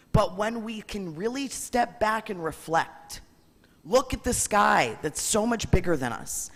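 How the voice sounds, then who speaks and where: A woman rabbi giving an earnest, animated spiritual reflection, often breaking into laughter. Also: lowish voice, in a large hall.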